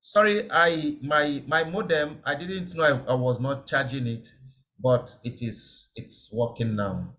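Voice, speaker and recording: A man's voice: mid-range voice, a little slow, a bit bright. A man giving an online safety lecture, explaining step by step, repeating key words and checking that listeners understand. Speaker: safety trainer.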